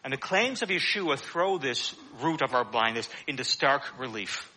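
A man's voice: medium pitch, lively intonation, normal speed, sharp tone. A man preaching a sermon in a conversational teaching manner, with frequent "uh" fillers.

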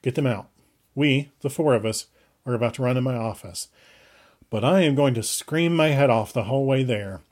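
A man reading aloud as a young woman who takes charge and gives forceful, insistent orders. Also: medium pitch, moderate pace, close to an everyday voice. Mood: commanding. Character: young woman scholar, commanding, shouting orders.

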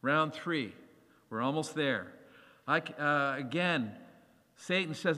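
Bright-voiced male preacher in a reverberant hall. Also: fairly high pitch, slow pace, long pauses. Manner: animated, acts out the voices of scripture. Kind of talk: sermon.

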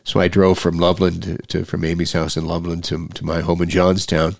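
A middle-aged man with a deep, low voice talks straight into a close microphone for his own podcast. His delivery is earnest and halting, often stopping to restart a phrase. The sound is dry, with no room around it. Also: little pitch movement, vocal fry, no echo. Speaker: podcast host. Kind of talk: personal podcast monologue.

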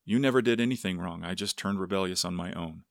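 A man's voice: low-pitched, fast, gravelly, dry recording, clean studio sound. A man voicing an anxious, earnest young ranch hand who answers his elders politely. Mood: earnest, uneasy. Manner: polite, says "sir" to elders.

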